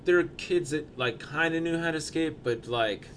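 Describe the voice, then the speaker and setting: A man's voice: a little high, measured pace, a crowd in the background. A young man telling a rambling, profanity-laden story in casual podcast chat, with lots of fillers and restarts.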